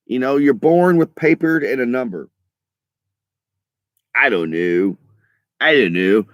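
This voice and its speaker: A man's voice: medium pitch, no room sound, lo-fi sound. A middle-aged man talks straight to his viewers in a loose, rambling rant. He swears a lot and trips over his own sentences, backing up to start again. The sound is dry and close, with no room around it. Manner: profane, halting, restarts often. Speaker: vlogger. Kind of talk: casual rambling monologue.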